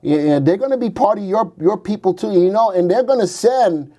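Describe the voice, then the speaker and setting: Brisk and lively, this man's high, dark voice carries his casual livestream on stocks. As host of the market show, he cracks jokes and muses aloud over the charts he brings up.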